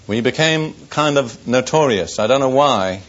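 During a church service, an older pastor gives a sermon testimony to his congregation, telling a personal story with dry humor and earnest warnings. His medium-pitched voice is animated and a bit bright at normal speed, on a dull lo-fi recording.

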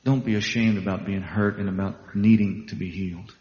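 A man's voice: on the low side, steady tone, brisk. An American man, a gospel singer, talking in a folksy, conversational way with many fillers in a spoken interlude over his song. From United States. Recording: roomy reverb, dull sound, loud music. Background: loud guitar music.

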